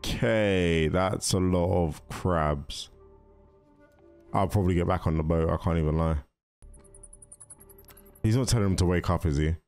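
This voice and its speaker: A man hosting a casual movie reaction, chatty and excitable, talking straight to the characters on screen. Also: low voice, a little slow, pauses often, faint music behind. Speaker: reaction video host.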